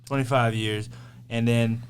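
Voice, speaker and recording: A man's voice: mid-range voice, unhurried, a little hiss or hum. Man hosting a podcast, asking questions. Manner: asks questions, lively storytelling. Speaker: podcast host. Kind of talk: casual interview talk.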